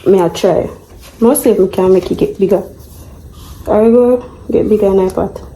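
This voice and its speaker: A woman's voice: medium pitch, normal speed, dark tone, reverberant, slight background noise, poor audio. A woman chatting casually while cooking, laughing at herself as she goes. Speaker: home cook vlogger. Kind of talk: casual cooking vlog chat.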